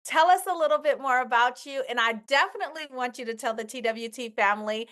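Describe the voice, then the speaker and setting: A woman's voice: sits high, quick pace, fairly bright tone. A woman hosting a podcast, speaking emphatically and encouragingly with repeated phrases. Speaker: podcast host. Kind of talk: motivational podcast talk.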